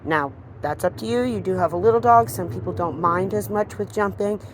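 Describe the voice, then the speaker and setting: A woman dog trainer giving a hands-on demonstration, explaining calmly between short firm commands to the dog. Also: mid-range voice, fairly quick, noisy background.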